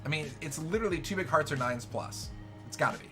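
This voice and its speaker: A man calls poker hands live as the show's host, joking and excitable. His voice sits fairly high and swings from loud cheering to quiet, muttered asides. Music plays clearly behind him. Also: fast talker. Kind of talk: live poker hand commentary.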